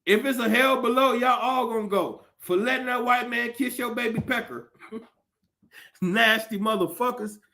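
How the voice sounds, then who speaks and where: Man, podcast host, comedic rant, profane, animated, high pitch, forceful tone. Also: gravelly. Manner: profane, animated, laughs often.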